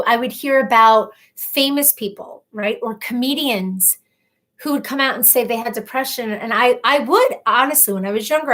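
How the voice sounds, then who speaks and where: A woman's voice: fairly high pitch, fairly bright tone. A woman in her thirties hosting a casual live stream, reading viewers' comments aloud and talking openly and emotionally. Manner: chatty, emotional, openly personal. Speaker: livestream host.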